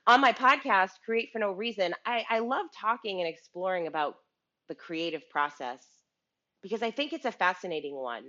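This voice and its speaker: Speaking on a business show, a woman delivers a chatty, casual motivational talk in a mid-range, animated voice with a sharp tone and a moderate pace. The audio is dull. She often restarts and repeats words and asks the listener "right?"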